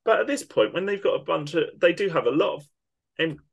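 A man's voice: fairly high pitch, expressive, a little fast, vocal fry. A man co-hosting a football podcast, ranting with emphatic indignation. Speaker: podcast co-host. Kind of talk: opinionated football podcast rant.

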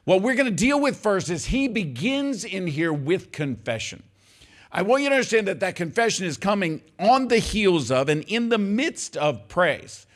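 A man's voice: high voice, very animated, moderate pace. An older man preaching a sermon, emphatic and conversational, often calling out to the congregation. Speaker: pastor.

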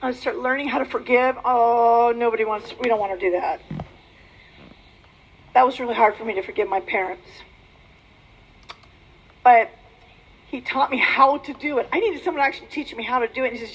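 A woman in her forties giving an animated personal testimony and teaching on faith, with emphatic, preacher-like exhortations. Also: fairly high pitch, brisk, pauses often, breathy edge, low-quality recording. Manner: animated storytelling, acts out quoted voices. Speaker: Christian speaker on pornography.

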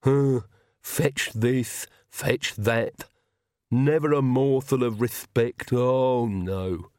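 A man voicing Igor, a hunched male servant who mutters slow grumbling complaints under his breath. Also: medium pitch, darkish tone, no echo, clean studio sound. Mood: resentful.

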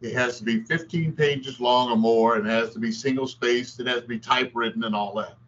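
A man's voice: medium pitch, fairly quick. Older man telling a story animatedly. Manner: animated storytelling, repeats phrases. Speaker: former basketball player and newscaster. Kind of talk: storytelling in an interview. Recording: slightly dull with faint hiss.

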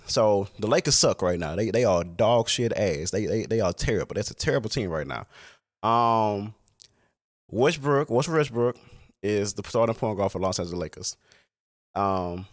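A man talking casually in a reflective monologue, rambling and swearing freely. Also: on the low side.

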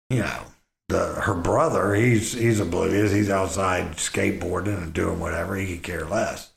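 Gravelly middle-aged man telling a rambling story. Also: sits low, fairly even intonation. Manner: rambling, halting with frequent restarts and fillers. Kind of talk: casual personal storytelling. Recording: roomy echo.

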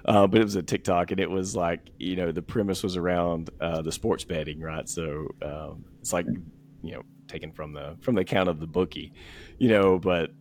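A man's voice: low-pitched, normal speed, a little hiss or hum. An American man co-hosting a casual sports podcast, talking loosely with lots of fillers and restarts. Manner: relaxed, rambling with many fillers and restarts. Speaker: podcast co-host.

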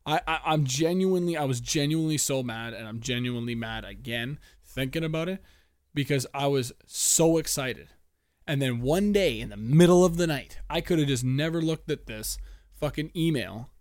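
A man's voice: mid-range voice, normal speed, dry recording, studio quality. A young man hosting a solo podcast, ranting with lots of swearing and stammered restarts. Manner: profane, animated ranting with frequent stammered restarts. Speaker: podcast host.

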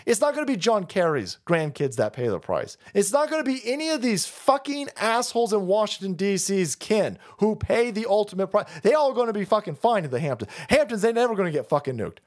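Profane ranting man with lively pitch. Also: a little fast. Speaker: streamer. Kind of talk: political rant stream.

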